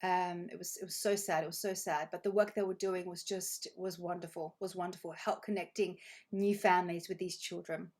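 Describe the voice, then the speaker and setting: A woman's voice: lowish voice, steady tone, brisk, a little mellow. Effusive woman coaching a live online group. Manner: effusive, reads chat comments aloud with bursts of praise; repeats phrases for emphasis. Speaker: money coach.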